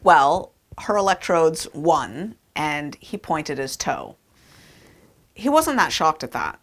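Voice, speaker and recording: Low-voiced woman telling a science story. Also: very animated, slow pace. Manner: conversational, emphatic, with fillers. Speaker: speaker. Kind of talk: storytelling talk.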